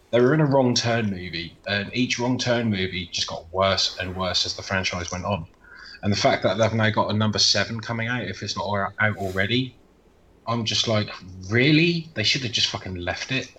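A man from the UK with a lowish voice, chatting casually on a podcast. He is blunt and quick to dismiss, swearing freely, and a faint hiss sits behind him. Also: sharp tone, poor audio. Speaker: podcast co-host. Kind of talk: casual horror movie chat.

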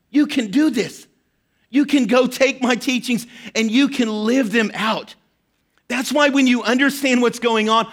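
A man's voice: very high-pitched, a bit bright. A man preaching a sermon as pastor, impassioned, his voice rising when he speaks the quoted words. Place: church hall.

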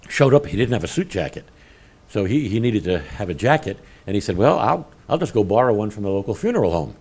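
A man's voice: on the low side, a little mellow. A man preaching a sermon, telling stories with animation and laughing at his own jokes. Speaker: pastor.

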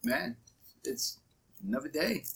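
A man's voice: fairly high pitch, expressive, slow, vocal fry, fairly bright tone. A man co-hosting a podcast in casual chat, rambling and often restarting his thoughts. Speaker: podcast co-host.

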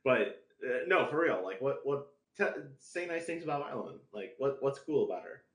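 A man's voice: mid-range voice, very animated, normal speed, fairly bright tone. A man hosting a casual podcast chat, who asks playful questions in a teasing way. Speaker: podcast host. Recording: roomy echoey room.

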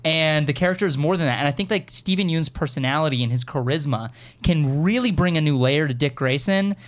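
A man co-hosting a casual chat show, excitable and animated, talking fast with many restarts. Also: fairly high pitch. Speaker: podcast co-host.

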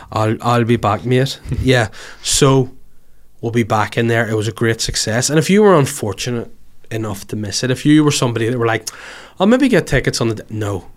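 A man hosting a podcast in casual, jokey chat, a little hoarse from covid, swinging between loud bursts and soft asides. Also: medium pitch. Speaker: podcast host.

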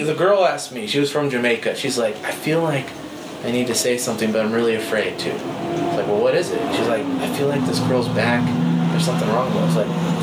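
Casual young preacher in a roomy hall. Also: male voice, mid-range voice, a little fast, heavy background noise. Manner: conversational storytelling, laughs often. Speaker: speaker teaching a church group. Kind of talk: informal sermon. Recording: roomy hall with faint ambience.

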